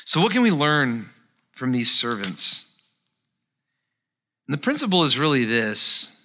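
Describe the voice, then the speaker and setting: A male pastor preaching a sermon, expressive and dramatizing the scripture as he explains it. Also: mid-range voice, measured pace, slight background noise.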